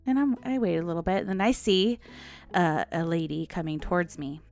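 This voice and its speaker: A woman in her forties tells a rambling story on her podcast, laughing between lines and acting out what people said. Her voice swings up and down constantly. Soft music plays faintly behind her. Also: fairly low pitch, fairly quick. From United States. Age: 40s. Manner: animated, chatty, laughs often, acts out quotes. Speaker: podcast host. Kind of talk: casual storytelling monologue.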